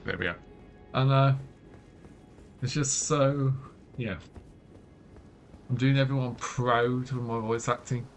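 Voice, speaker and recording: A British man streaming a game live, his voice a touch scratchy and mostly low and muttered. His pitch sits mid-range for a man. Faint music plays behind him. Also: steady tone, slow pace, pauses often. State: scratchy throat. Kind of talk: casual live gameplay commentary.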